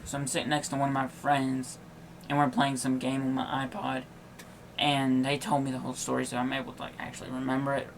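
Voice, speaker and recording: Yawning young man, gravelly, rambling. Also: mid-range voice, monotone, fairly quick, a little hiss or hum. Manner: rambling, filler-heavy with many likes and restarts. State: tired and yawning. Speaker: podcast host. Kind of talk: casual personal storytelling.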